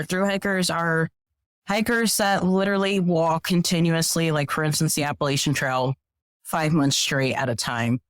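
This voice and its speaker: A woman guest on a podcast telling stories in a casual, animated way, acting out what people said. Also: low-pitched, dry recording. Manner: animated, acts out quoted voices. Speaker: podcast guest, professional hiker. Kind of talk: casual storytelling.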